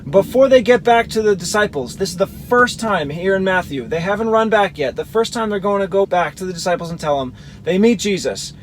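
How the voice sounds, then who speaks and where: A man's voice: sits high, lively intonation, brisk, slight background noise, poor audio. A man reading Bible verses aloud and explaining them, comparing the gospel accounts as a teacher. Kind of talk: scripture reading with commentary.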